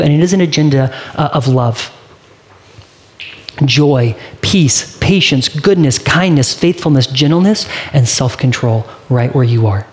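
A man preaching a sermon as pastor, talking in an earnest, conversational way and asking the congregation direct questions, slowing down to read scripture. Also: a little high.

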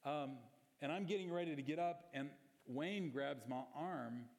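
A man's voice: fairly high pitch, unhurried, creaky, a little mellow. A man preaching a sermon as pastor, moving from storytelling into impassioned exhortation. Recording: long hall reverb.

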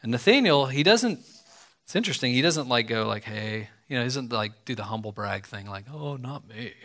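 Man, sermon, conversational preacher, animated delivery, mid-pitched voice, casual fillers. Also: a little fast. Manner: conversational, animated, acts out quoted speech.

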